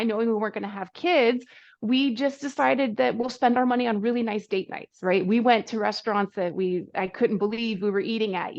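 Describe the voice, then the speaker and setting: A woman's voice: mid-range voice, lo-fi sound. A woman in her thirties, a guest on a running podcast, telling her own story candidly and with animation, acting out the people she quotes. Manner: animated, self-deprecating, acts out quoted people.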